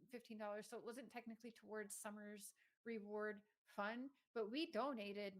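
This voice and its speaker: A woman's voice: fairly high pitch, fairly bright tone. A woman hosting a casual livestream, talking outspokenly and indignantly to her viewers. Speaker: livestream host.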